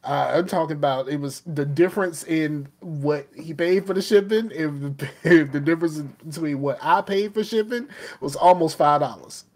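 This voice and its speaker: A man's voice: fairly high pitch, normal speed, hardly any pauses. A man hosting a podcast in loose, rambling casual chat, laughing often as he talks. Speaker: podcast host.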